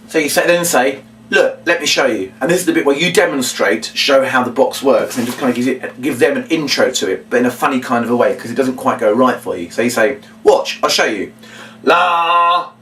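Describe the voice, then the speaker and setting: A children's entertainer explains a party routine, acting out his lines to the kids with big bursts of shouting. His animated voice is medium-pitched. He's recorded from a distance, off the mic.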